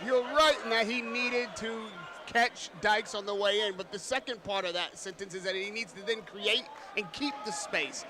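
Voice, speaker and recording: A man's voice: high voice, normal speed, few pauses, a crowd in the background, noisy background. A man giving emphatic, analytical live commentary on a boxing match. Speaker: boxing pundit.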